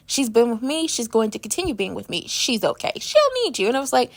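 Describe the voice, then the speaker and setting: A woman with a gravelly, creaky edge to her voice and a fairly high pitch chats through a soap opera recap. She is sassy and talkative, slipping into the characters' lines as she retells each scene. She speaks close to the mic. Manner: chatty and sassy, acts out characters' quotes. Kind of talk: casual commentary recap.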